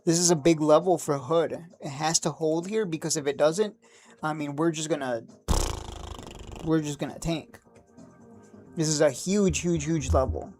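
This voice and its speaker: A man hosting a stock trading livestream, talking casually and excitably, rambling, cursing now and then, and laughing at his own jokes. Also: fairly high pitch, normal speed, long pauses, soft background music. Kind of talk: live market commentary.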